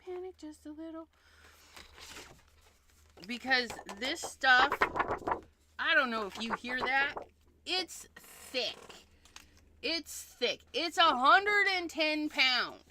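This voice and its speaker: A woman's voice: sits high, expressive, slow, sharp tone, a little hiss or hum. A woman hosting a card-making livestream in a casual demonstration, chatty and thinking aloud, often repeating herself.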